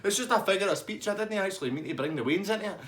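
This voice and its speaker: A man's voice: sits high, lively intonation, racing, a bit bright, voice pushed up. A flustered Scottish barman, pleading and defensive in a raised voice, as a storyteller puts him on. He stammers out excuses and protests.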